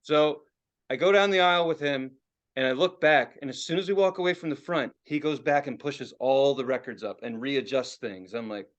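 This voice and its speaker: A man's voice: medium pitch, normal speed, muffled recording. A man hosting a podcast, telling a story in casual chat and cursing a lot. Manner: animated, profane storytelling. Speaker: podcast host.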